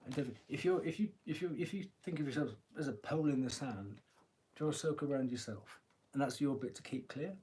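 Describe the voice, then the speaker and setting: A man's voice: mid-range voice, fairly quick, warm tone, a little hiss or hum. A man giving a live-stream tarot reading, chatty and joking, laughing often and swearing casually, talking into a phone. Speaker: tarot reader.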